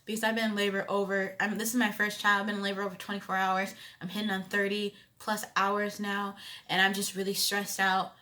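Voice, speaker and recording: A young woman in her twenties telling a personal story in a casual vlog, expressive and conversational, with loud emphatic bursts. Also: medium pitch, brisk. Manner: animated storytelling with frequent "you know what I'm saying". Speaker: vlogger.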